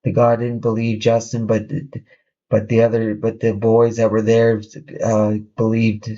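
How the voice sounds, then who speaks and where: A man hosting a podcast, casually telling a story in a halting way, with frequent restarts. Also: lowish voice, darkish tone, lo-fi sound. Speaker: podcast host.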